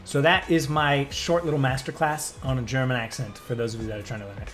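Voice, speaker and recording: A young man, a streamer and voice actor, chatting casually with his live chat, excitable and swearing freely as he drifts into tangents. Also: mid-range voice, quick pace, few pauses, soft background music.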